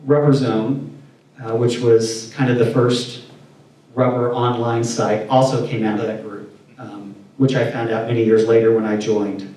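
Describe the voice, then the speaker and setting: A man's voice: medium pitch, unhurried. A man from Indiana telling candid stories in a casual interview, acting out quotes as he goes. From Indiana, USA. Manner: candid, animated storytelling with acted-out quotes. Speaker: interview guest. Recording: distant mic in echoey room.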